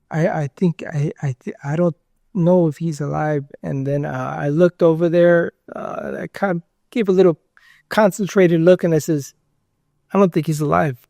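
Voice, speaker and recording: A man's voice: a little high, gravelly, a little mellow, no echo, clean studio sound. A man being interviewed, telling a story casually in a rambling way, with lots of fillers and acted-out quotes. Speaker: interview guest.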